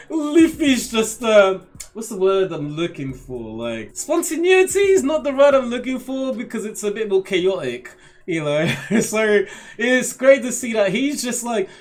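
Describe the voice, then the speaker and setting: A man reviewing a manga chapter in casual, slangy commentary, joking and laughing as he talks. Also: high voice. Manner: animated, laughing, slangy and playful.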